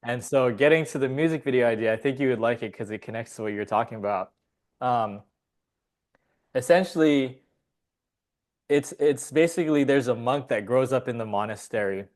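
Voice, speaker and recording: A man chats as a podcast guest, spinning a loose story with frequent laughs and casual swearing. His voice sits in a mid pitch, and he talks in an easy, rambling way. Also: normal speed.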